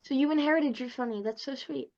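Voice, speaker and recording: A woman hosts a podcast interview in a casual chat. She keeps the talk going with upbeat, affirming interjections, a little higher pitched than most women. Her sound comes through dull, lo-fi audio. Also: fast talker, a little mellow. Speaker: podcast host.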